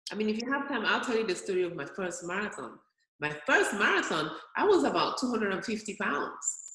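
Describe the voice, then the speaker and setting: A woman's voice: mid-range voice, big pitch swings, fairly quick, bright, forceful tone. A woman in her early fifties, a physician guest on an interview, telling stories with energy and acting out her own inner voice. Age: early 50s. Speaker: physician and weight loss guest. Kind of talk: interview storytelling. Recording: roomy echo.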